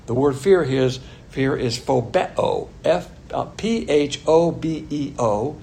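A man's voice: medium pitch, slow pace, vocal fry, dark tone, a little hiss or hum. A man teaching a Bible class in a blunt, sarcastic manner, with chuckling asides. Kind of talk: sermon.

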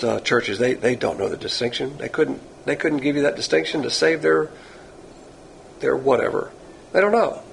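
A man's voice: mid-range voice, creaky, slight background noise, poor audio. A man giving a recorded Bible teaching, emphatic, stretching key words and correcting himself as he goes. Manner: emphatic, self-correcting, drawn-out stresses.

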